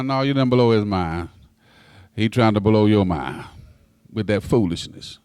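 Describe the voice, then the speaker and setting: A pastor in his sixties delivers a sermon in a folksy way, speaking straight to the congregation at a moderate pace. His darkish, smooth voice climbs high when he stresses a point and stumbles over repeated words, with no room sound.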